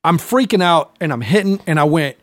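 A man tells a long, winding story in casual podcast talk, circling back with fillers and restarts. His voice sits a bit high. The recording is dry and close. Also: animated, fairly quick, no room sound. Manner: rambling, many fillers and restarts, mimics voices in quotes. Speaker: guest telling a story.

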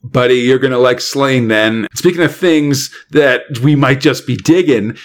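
A man's voice: medium pitch, a little slow. Man, podcast host, casual comic recap, rambling, laughs a lot. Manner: rambling, frequent fillers and laughs.

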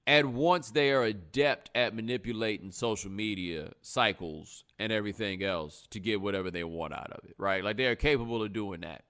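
A man hosting a live stream, talking casually in slang and acting out other people's words. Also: mid-range voice. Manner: animated, slangy, acts out other people in quotes. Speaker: host.

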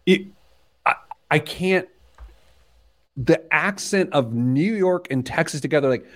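A man in his forties hosting a personal finance podcast, telling stories in an animated way, laughing often and wandering off on tangents. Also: on the high side, measured pace. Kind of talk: casual chat.

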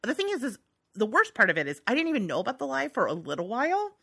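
A woman's voice: a little high, fast, creaky, slightly rough, no room sound, clean studio sound. A young adult woman co-hosting a podcast in casual chat, joking and laughing often. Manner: lively, laughing, joking asides. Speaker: podcast co-host.

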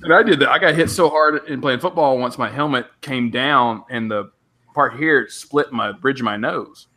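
A man co-hosting a podcast, telling an anecdote in a relaxed, casual way with fillers. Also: medium pitch, moderate pace. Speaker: podcast co-host. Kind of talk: casual chat.

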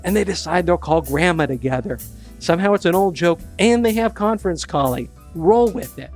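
A man's voice: sits high, expressive, a little fast, darkish tone, soft background music. A man telling a joke as a parable in a wry, conversational, emphatic way. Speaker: speaker. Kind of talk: storytelling talk.

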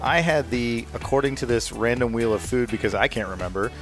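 A man's voice: mid-range voice, fairly bright tone, faint music behind. A man co-hosting a podcast in casual chat, jokey and upbeat. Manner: quick, jokey banter. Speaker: podcast co-host.

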